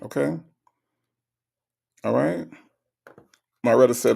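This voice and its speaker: A man's voice: fairly high pitch, sing-song, slow pace, gravelly, long pauses, a little mellow, breathy edge. Chatty man hosting a livestream. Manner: chatty, repetitive, tags lines with okay and all right. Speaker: livestream host. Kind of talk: live-stream chat, reading viewer messages.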